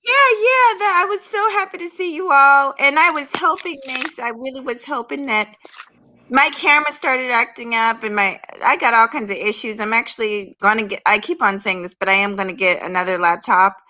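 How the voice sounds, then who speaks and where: A woman's voice: a little high, normal speed, sharp tone, poor audio. A woman chatting casually as a guest from her bed, drowsy from medication and hesitant, stammering as she talks. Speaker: guest on a live stream. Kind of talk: casual chat. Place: in bed at home.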